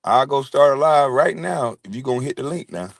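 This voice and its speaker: A man's voice: medium pitch, animated, brisk, vocal fry, no room sound. A man, hosting a casual livestream and bantering loosely with chat, swearing and laughing. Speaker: livestream host.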